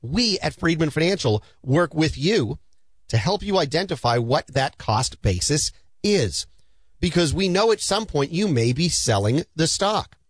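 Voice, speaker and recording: A man's voice: fairly high pitch, very animated, a little slow, slightly rough, no room sound. A middle-aged man with a slightly raised voice talks through money matters as a financial advisor on his own show. He is earnest and persuasive, leaning into client stories to make his point. The sound is dry and close, with no room around it. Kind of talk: conversational advice talk.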